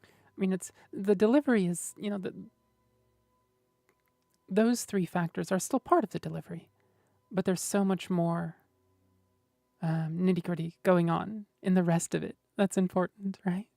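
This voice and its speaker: A woman streamer in casual livestream chat, explaining voice technique in a gentle, thoughtful way and often checking in with "right?". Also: fairly low pitch, normal speed, creaky, pauses often, no echo, studio quality, faint music behind. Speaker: streamer host.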